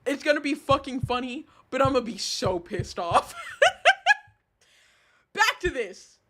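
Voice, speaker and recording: A man streaming live and reading chat aloud, animated and exasperated, swearing often. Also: very high-pitched, takes it slowly, very noisy.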